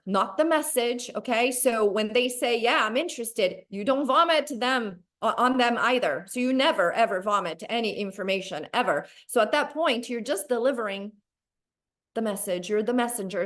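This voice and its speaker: Woman trainer, lively and chatty, slightly high-pitched, coaching a team over a video call. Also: normal speed. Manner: animated, acts out dialogue in a bright high voice. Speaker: guest sales trainer. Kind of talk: motivational sales training talk.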